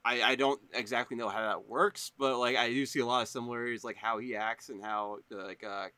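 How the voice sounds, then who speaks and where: A man's voice: medium pitch, fairly even intonation, brisk, sharp tone, clean tone, dry recording. A man co-hosting a podcast, talking casually about movies in a hesitant, stumbling way full of fillers. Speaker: podcast co-host.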